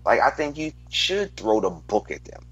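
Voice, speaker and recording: A man in a heated sports debate, arguing in a deliberate, emphatic way. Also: mid-range voice, big pitch swings, a bit bright, husky, no echo. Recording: dull lo-fi dry sound.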